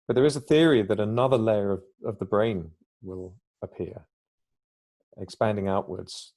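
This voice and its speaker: A man with a mellow, warm voice talks at length on a podcast. He is reflective and explains his ideas in a conversational way, now and then acting out little quoted exchanges. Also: fairly low pitch, vocal fry. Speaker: podcast guest.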